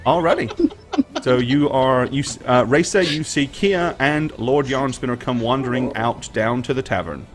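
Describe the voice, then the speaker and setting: A man acting as game master, narrating a tabletop game in a relaxed way with many fillers. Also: medium pitch, normal speed.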